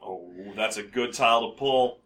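A man's voice: medium pitch, moderate pace, fairly bright tone. A man co-hosting a tabletop game podcast, tossing in joking mock-ad asides. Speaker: co-host and player. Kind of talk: tabletop role-play banter.

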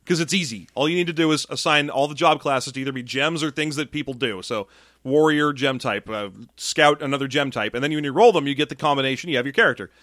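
A young man co-hosting a tabletop gaming podcast, chatting casually with animated, jokey asides. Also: medium pitch, quick pace, dry recording, clean studio sound. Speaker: podcast co-host. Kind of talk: casual chat.

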